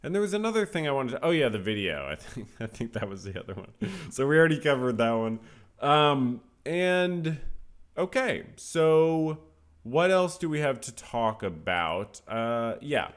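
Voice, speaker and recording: A man's voice: mid-range voice, big pitch swings, normal speed, smooth. A man hosting his own podcast, talking casually in a rambling, self-correcting way with many fillers. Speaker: podcast host. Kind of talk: casual solo podcast talk.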